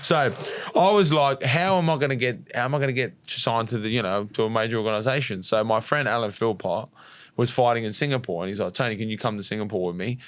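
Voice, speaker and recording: A young Australian man, a fighter guest on a podcast, telling a story in a lively, casual way, acting out the quotes and swearing now and then. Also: fairly low pitch, no room sound. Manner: rapid, animated storytelling with acted-out quotes and swearing.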